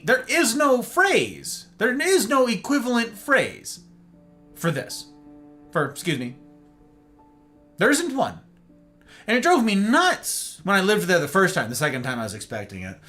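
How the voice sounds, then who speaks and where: An American man hosting a livestream monologue, talking in an animated way and often checking in with "right?" and "okay?". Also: high voice, moderate pace, pauses often, soft background music. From United States. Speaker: host.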